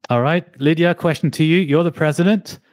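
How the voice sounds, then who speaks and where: A man's voice: a little high, a little fast, a little mellow, dry recording. A man hosting a casual podcast debate, putting playful mock-serious questions to his guests. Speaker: podcast host and debate moderator.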